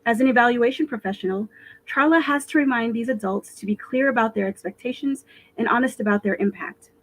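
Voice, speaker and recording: A woman author reading her own fiction aloud in an expressive, animated storytelling voice for a virtual live stream. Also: on the high side, a little fast, low-quality recording.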